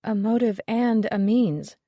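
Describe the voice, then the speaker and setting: A woman voicing an eager, excitable young woman reporter who speaks with a slightly smug enthusiasm. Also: mid-range voice, moderate pace, no room sound, clean studio sound, lightly acted. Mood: excited.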